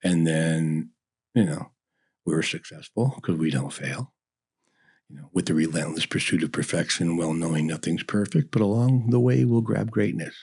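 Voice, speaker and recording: Deep husky-voiced middle-aged man. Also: moderate pace, darkish tone. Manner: storytelling, folksy, lots of "you know". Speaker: barbecue restaurant owner, guest. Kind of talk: casual interview chat.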